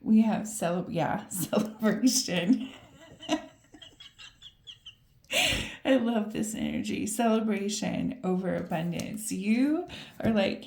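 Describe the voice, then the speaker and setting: A woman with a low, mellow, gravelly voice gives a casual tarot reading to camera. She is upbeat and chatty, laughs often and speaks straight to the viewer. Her voice carries a roomy echo. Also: animated, slow, pauses often. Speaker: tarot reader.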